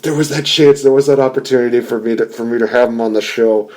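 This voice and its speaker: Podcast host guy, dark mellow voice, rambly and laughing a lot. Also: mid-range voice, fairly even intonation, fast talker. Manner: rambling, laughs often, many restarts. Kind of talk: casual chat.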